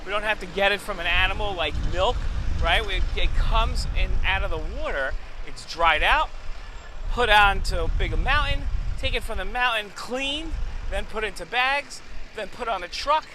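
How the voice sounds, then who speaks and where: A man's voice: high-pitched, animated, normal speed, sharp tone, slight background noise. A man hosting a children's educational show, upbeat and enthusiastic, repeating phrases for young viewers while recording on his own. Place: alone in a recording space.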